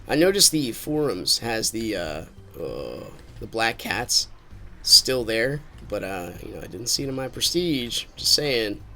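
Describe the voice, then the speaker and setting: A man's voice: medium pitch, sing-song, measured pace, vocal fry, sharp tone. A man streaming a game with casual commentary, rambling and thinking aloud as he drifts into musings.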